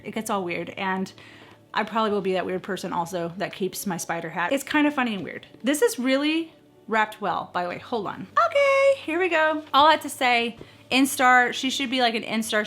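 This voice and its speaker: A middle-aged woman chatting casually at home in a vlog, excitable and gushing, often squealing. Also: on the high side. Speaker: vlogger. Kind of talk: casual chat.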